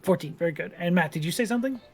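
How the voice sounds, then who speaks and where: A man narrating as game master in a tabletop role-playing stream, chatty and relaxed. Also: sits high, racing, soft background music. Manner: relaxed, chatty with fillers and laughs.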